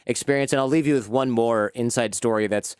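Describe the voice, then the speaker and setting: A man telling lively anecdotes in a casual interview, acting out the people in his stories. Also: mid-range voice, brisk, clear, resonant tone, no echo, clean studio sound. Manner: animated anecdotes, acts out quoted people. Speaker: podcast host as guest.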